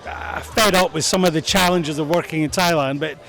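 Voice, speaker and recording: A man's voice: a little high, brisk, fairly bright tone, soft background music. A man interviewing guests at an evening event in an easygoing manner. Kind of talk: casual interview.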